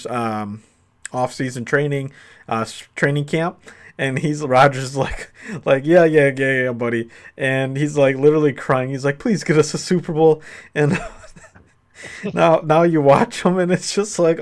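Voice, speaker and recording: Chill guy on a football podcast, mid-pitch voice, laughs a bunch. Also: clean tone. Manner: laid-back, laughs while telling stories. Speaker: podcast co-host. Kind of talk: casual sports chat.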